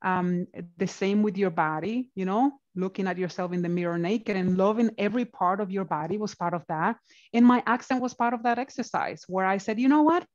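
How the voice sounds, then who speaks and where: A woman's voice: medium pitch, fairly quick. Encouraging woman guest on a lo-fi call. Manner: encouraging, often ends points with "right?". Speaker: guest speaker. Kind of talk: motivational panel conversation.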